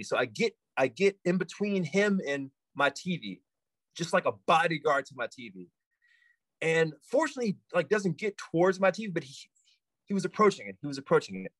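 A man telling a long story as a podcast guest, in a casual animated way, repeating himself and filling with "like". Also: high-pitched, a little fast, no echo, rough recording.

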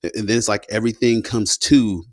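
A man's voice: lowish voice, steady tone, fairly quick, no room sound, studio quality. A man, a combat veteran, telling his story in a loose, slangy way, full of "you know" and "man". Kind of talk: casual spoken storytelling.

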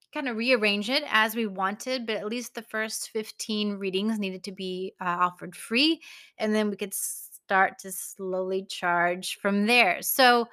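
A woman's voice: fairly high pitch, sharp tone. A woman hosting her own podcast in a casual solo monologue, chatty and a little emotional, often breaking into small laughs between phrases. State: emotional, teary. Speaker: podcast host.

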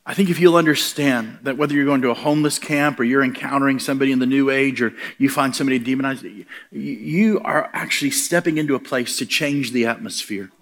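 A man's voice: medium pitch, quick pace, few pauses, fairly bright tone. Emphatic storytelling male preacher. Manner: storytelling preacher, acts out quoted voices, rising emphatic punches. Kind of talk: sermon.

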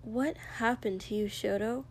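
A woman doing a soft-spoken gentle young man. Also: on the high side, expressive, slow, a little hiss or hum. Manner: quiet, gentle, hushed.

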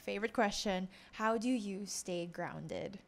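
A woman's voice: mid-range voice, measured pace, gravelly. Woman podcast host, friendly and casual, filler-heavy questions.

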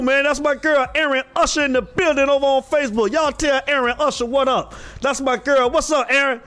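A man's voice: very high-pitched, fairly bright tone. A man hosting a casual live stream about football, calling out viewers by name and repeating himself in a loose, drawling way. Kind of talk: casual live sports talk.

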